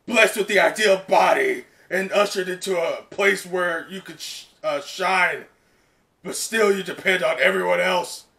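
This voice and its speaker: Brief: mocking young male fire villain, higher and louder than his own voice, bright, read by a man. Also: unhurried, vocal fry, exaggerated voice. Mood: taunting. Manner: sneering, mocking.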